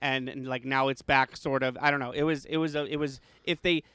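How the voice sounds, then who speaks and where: A man's voice: mid-range voice, steady tone, fairly quick, sharp tone, smooth, dry recording. A man co-hosting a podcast, chatting casually about a movie and rambling with many restarts and fillers. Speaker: podcast co-host.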